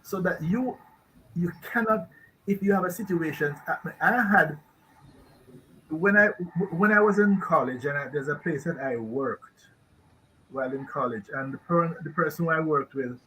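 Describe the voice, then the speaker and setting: A man's voice: on the high side, normal speed, bright, forceful tone, a little hiss or hum, low-quality recording. A man with a Jamaican accent, a guest expert on a radio talk show, talking emphatically in rambling rhetorical questions.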